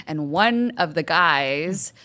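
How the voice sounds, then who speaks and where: A woman co-hosting a podcast, telling an animated story in casual chat with plenty of fillers. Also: sits low, slow. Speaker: podcast co-host.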